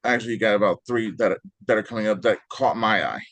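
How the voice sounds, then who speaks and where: A man hosting an interview, asking questions in a relaxed, casual way and starting with "uh". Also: fairly low pitch, fast, dry recording. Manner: relaxed, laughs along, filler "uh" before questions. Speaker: interview host.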